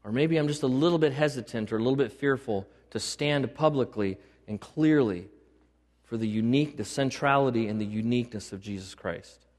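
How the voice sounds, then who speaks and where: Medium-pitched and darkish in tone, this pastor talks a little fast. His emphatic sermon in a reverberant church sanctuary, a large hall with long reverb, repeats key phrases and asks questions of the congregation.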